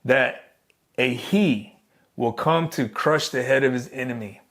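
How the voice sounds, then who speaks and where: A man giving a Bible lesson in an earnest, emphatic way, slowing on key phrases and lifting his voice on questions. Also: medium pitch, a bit bright. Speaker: Bible teacher. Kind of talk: sermon.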